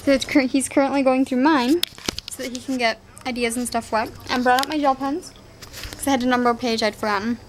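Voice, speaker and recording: A woman's voice: high-pitched, fairly even intonation, quick pace, a little hiss or hum, poor audio. A young woman vlogging at home while she has the hiccups, chatty and giggly. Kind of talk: casual home vlog chat.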